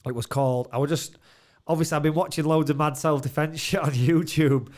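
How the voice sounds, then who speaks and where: This podcast co-host has a slightly high voice with fairly even intonation, and he talks fairly quickly. Recording in a studio, he chats casually, laughing, cursing freely, and telling lively stories.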